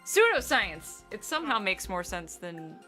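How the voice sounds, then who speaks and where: A woman from the northern United States chatting through a game stream, profane and quick with frequent laughs. Her voice is mid-pitched and bright, with faint music underneath. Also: big pitch swings. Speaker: let's play streamer, co-host. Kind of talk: casual game-stream chat.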